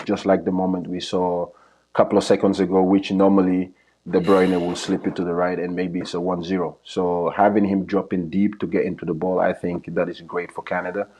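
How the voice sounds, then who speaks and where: A man's voice: low-pitched, darkish tone, breathy edge, rough recording. A man who coaches soccer, analyzing a live match in casual talk, earnest and often repeating or restarting his phrases. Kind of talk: live match commentary chat.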